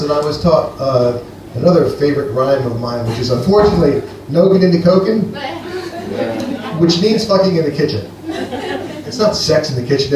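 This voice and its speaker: A man from Greece doing a rambling, deadpan stand-up set for a live audience at a comedy venue. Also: a little high, recorded from a distance. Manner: rambling, deadpan, playful with the crowd. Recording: echoey live room, heard from afar.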